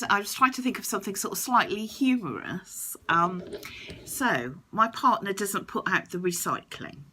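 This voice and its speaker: A woman's voice: mid-range voice, pushed and bright, slight background noise. A woman vlogger talking reflectively to camera in a thoughtful, explanatory way.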